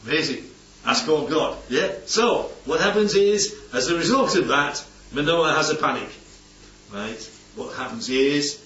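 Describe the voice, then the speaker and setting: A man's voice: a little high, a little slow, sharp tone. A man preaching an informal Bible-study sermon, chatty and playful, often checking in with "yeah?". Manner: chatty, keeps asking "yeah?", playful asides. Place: church hall with congregation. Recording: distant, roomy, dull hall recording.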